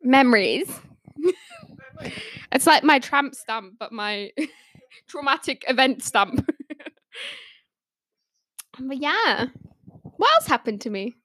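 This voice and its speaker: A woman's voice: sits high, big pitch swings, slow, long pauses, a bit bright, no echo. A young woman on a podcast panel, casually telling stories and laughing often as she talks. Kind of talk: casual storytelling.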